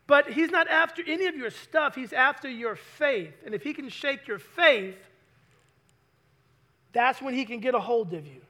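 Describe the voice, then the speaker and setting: A man preaching a sermon to a congregation in a lively way, often putting questions to the listeners. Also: extremely high pitch, moderate pace. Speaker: pastor.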